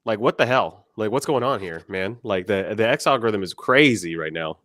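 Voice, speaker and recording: A man's voice: fairly low pitch, animated, moderate pace, fairly bright tone, no room sound, clean studio sound. A man co-hosting a live stream, ranting with lots of swearing and stammered restarts in casual chat. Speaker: podcast co-host.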